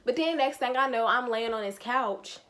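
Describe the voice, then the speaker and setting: A young woman tells a story, slangy and animated, acting out what everyone said. Her voice sits a little high, and soft clicks come and go behind her. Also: normal speed, slight background noise. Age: young adult. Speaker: vlogger. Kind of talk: casual storytime.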